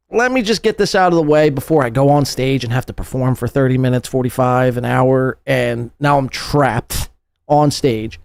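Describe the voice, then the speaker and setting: A man's voice: on the high side, gravelly, a little mellow, dry recording, studio quality. A man hosting a podcast, commenting sarcastically and mockingly on clips in a casual way. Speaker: podcast host.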